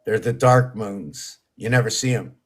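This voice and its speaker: A man's voice: fairly low pitch, a little slow. A man hosting a solo livestream, musing in a rambling, meandering way about numbers and hidden meanings. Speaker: livestream host.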